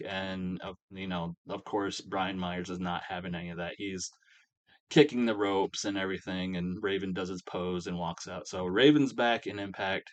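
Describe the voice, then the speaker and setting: A man's voice: low-pitched, steady tone, normal speed. A man casually recapping a wrestling simulation game, rambling with many fillers. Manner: rambling, filler-heavy storytelling. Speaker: game commentator.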